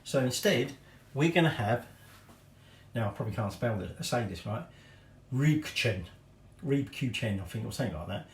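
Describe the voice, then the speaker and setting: A man's voice: medium pitch, big pitch swings, a little fast, echoey room. A middle-aged man from England hosting a home cooking demonstration, chatting casually with rambling, self-deprecating asides. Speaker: home cooking show host. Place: home kitchen.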